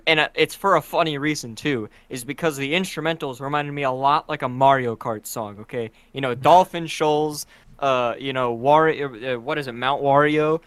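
A man's voice: medium pitch, fairly bright tone, smooth, no echo. A young man co-hosting a podcast, chatting casually and rambling as he hunts for words. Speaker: podcast co-host. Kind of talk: casual chat.

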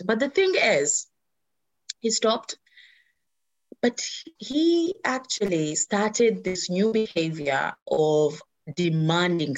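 Animated woman telling a personal story. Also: on the high side. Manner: animated, acts out quoted voices.

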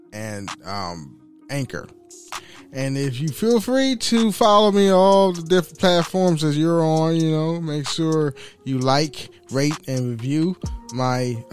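A man hosting his own podcast, chatting casually, joking, laughing often and swearing loosely. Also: medium pitch. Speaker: podcast host. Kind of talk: casual solo podcast chat.

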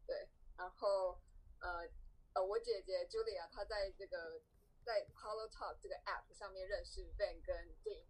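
Husky-voiced woman on a video call. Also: medium pitch, steady tone, rough recording. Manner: halting, frequent fillers and restarts. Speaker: language exchange participant. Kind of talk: casual self-introduction on a video call.

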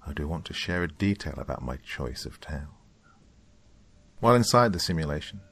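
A man narrating a horror story in a measured, somber delivery. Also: sits low.

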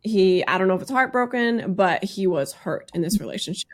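A woman's voice: mid-range voice, a little fast. A woman co-hosting a casual podcast chat, recapping a show and acting out what people said. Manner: animated, acts out people's lines. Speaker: podcast co-host.

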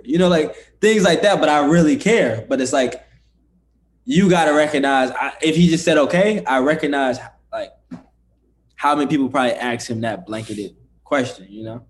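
A man talking as a podcast guest in a laid-back, conversational way, often dropping soft and low as he explains. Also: animated, moderate pace, slight background noise. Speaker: guest, entrepreneur. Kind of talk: casual interview chat.

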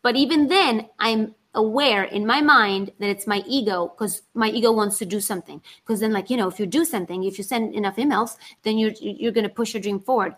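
An actress in casual conversation, animated and talking in quick rushes. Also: female voice, medium pitch. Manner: animated, talks in rushes, acts out her inner voice.

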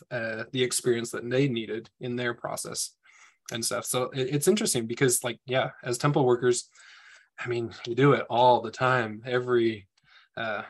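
A man of ordinary pitch who speaks in a thoughtful, reflective way and carefully hedges what he says. He shares his view in a relaxed group discussion. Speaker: temple worker.

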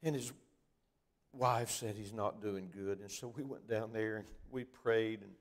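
A man preaching at a church revival, telling a story that swings from loud outbursts to hushed near-whispers. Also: fairly low pitch, steady tone, unhurried.

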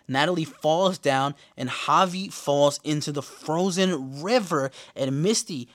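A man hosting a podcast, giving a casual, profane episode recap and quoting characters in animated bursts. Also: a little high, measured pace, hardly any pauses, no room sound, clean studio sound. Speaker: podcast host.

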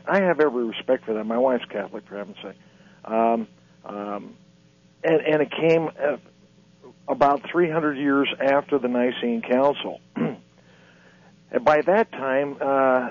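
A man speaking as an author and lecturer guest on a radio interview, halting and repeating words as he tells his story. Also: medium pitch. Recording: dull lo-fi radio audio.

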